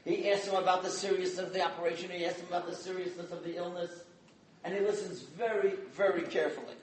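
A man giving an inspirational sermon as a dramatic storyteller, dropping to hushed tones and rising to loud emphasis. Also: high-pitched, steady tone, quick pace, slight background noise. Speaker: guest speaker. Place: community event hall. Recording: echoey hall from far off, faint ambience.

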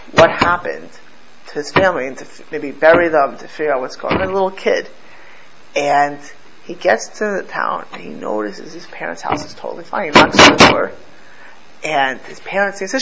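A man teaching a lesson through a story, animated and often restarting and repeating his words. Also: a little high. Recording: slightly dull with faint background noise.

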